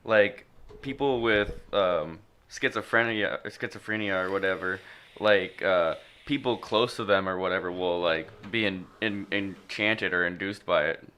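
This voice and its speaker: A man with a low voice and a forceful, bright edge joins a casual podcast chat. He often restarts his sentences and drops in wry asides. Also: a little slow, slight background noise.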